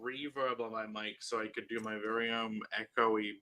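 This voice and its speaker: A man's voice: fairly low pitch, little pitch movement, normal speed, a loud crowd. A man hosting a casual podcast stream, joking around while fiddling with his mic and sound mixer. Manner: joking, fiddling with audio gear. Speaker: podcast host. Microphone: desk mic through a sound mixer.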